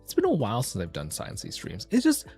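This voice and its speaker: A man streaming as a VTuber, talking in a casual, rambling and animated way. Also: medium pitch, fast talker, husky, faint music behind. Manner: animated, rambling, self-deprecating.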